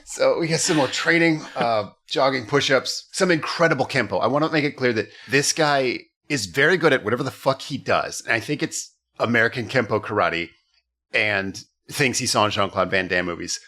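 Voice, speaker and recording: A man's voice: mid-range voice, moderate pace, sharp tone. A man co-hosting a comedy podcast, recapping a bad movie in a wry, profane way. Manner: profane, wry, breaks into mock voices. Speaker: podcast co-host.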